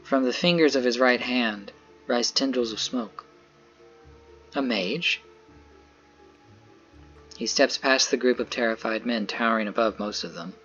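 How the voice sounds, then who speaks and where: A man's voice: medium pitch, measured pace, long pauses, fairly bright tone, highs cut off, faint music behind. A man narrating a dramatic visual novel in the first person, earnest and tense.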